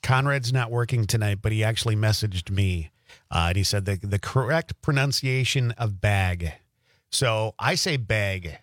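A man's voice: on the low side, normal speed, no room sound, clean studio sound. A man co-hosting a radio talk show, chatting in a laid-back, teasing way. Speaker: radio co-host. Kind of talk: casual radio chat.

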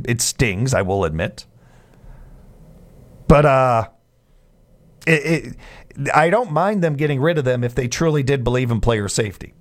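Male sports radio host, casual and jokey, mid-range voice, stumbles and restarts often. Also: mid-range voice. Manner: chatty, jokey asides, frequent restarts.

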